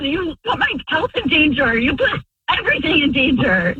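A woman's voice: high voice, big pitch swings, moderate pace, bright, forceful tone, dry recording, distant mic, lo-fi sound. A woman calling into a radio show, emotional and accusing, repeating herself as she confronts someone over the phone.

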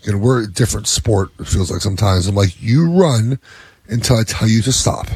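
A man in his thirties or forties, a youth softball coach, talking casually with a laid-back, slangy manner and an easy laugh. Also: fairly low pitch, fairly quick, slightly rough, dry recording. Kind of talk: casual podcast chat.

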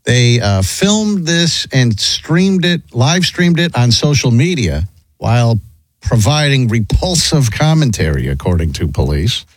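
A man's voice: medium pitch, very animated, measured pace, dry recording. A man hosting a talk radio show, rambling with lots of fillers and chuckling. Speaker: radio host.

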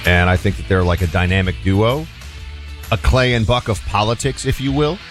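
A man's voice: on the low side, steady tone, moderate pace, soft background music. A man hosting a call-in radio talk show, chatting loosely with many fillers and restarts.

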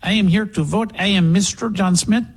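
A man voicing a man who poses as a long-dead voter, speaking slowly in broken phrases. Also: high voice, slightly rough. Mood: bumbling. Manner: slow, halting, broken phrasing.

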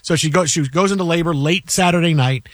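A man in his forties hosting a casual sports talk show, telling stories with lively quoted voices. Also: a little high, a little fast, no echo. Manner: storytelling, animated with put-on quoted voices. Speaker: radio sports talk host.

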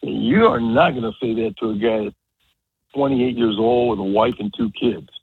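A man in his seventies, a retired baseball coach, telling stories on a radio show in a rambling, animated way with many restarts. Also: medium pitch, moderate pace, slightly rough. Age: 70s. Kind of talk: casual radio interview. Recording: tinny phone line.

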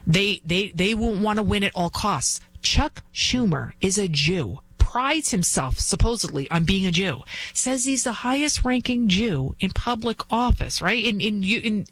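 A woman's voice: medium pitch, fairly bright tone, no room sound. Fervent woman hosting a talk show. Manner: fervent, fires off repeated rhetorical questions; acts out quoted voices while retelling. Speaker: fill-in talk show host. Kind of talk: opinion talk show monologue.

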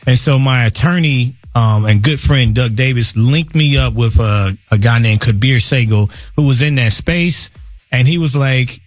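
A man in his fifties, a guest in a casual radio interview, talking loudly with laughs and shouted emphasis. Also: mid-range voice, normal speed, no echo. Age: 50s. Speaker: guest artist.

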